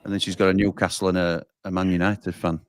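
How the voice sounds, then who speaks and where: A man's voice: sits low, level tone, quick pace, a little hiss or hum. A man hosting a live football watchalong, chatting and reading out viewer comments. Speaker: watchalong host.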